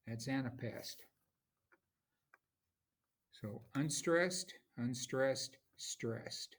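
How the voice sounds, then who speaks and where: Slow, halting male teacher. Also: medium pitch. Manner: slow, halting, with many pauses and restarts; taps out rhythms aloud. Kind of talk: classroom lecture.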